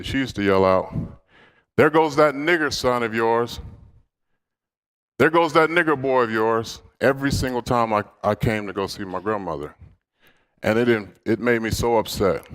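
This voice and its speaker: A man's voice: on the low side, clean tone. A man giving a motivational speech to a live audience, telling personal stories in a candid, humorous way. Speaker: motivational speaker. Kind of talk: inspirational storytelling speech.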